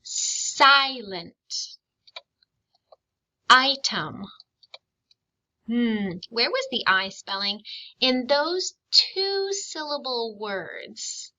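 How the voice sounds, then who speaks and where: Slow, bright-voiced phonics teacher woman. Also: a little high, sing-song, rough recording. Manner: slow and clear, stretching out sounds and syllables; asks questions and pauses for children to answer. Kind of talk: recorded phonics lesson for young children.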